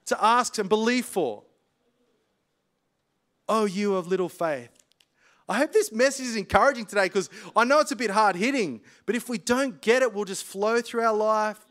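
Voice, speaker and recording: A man, preaching a casual sermon full of stories, chatty and quick to laugh. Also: high-pitched, lively intonation, fairly bright tone. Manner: chatty, laughs often, colloquial.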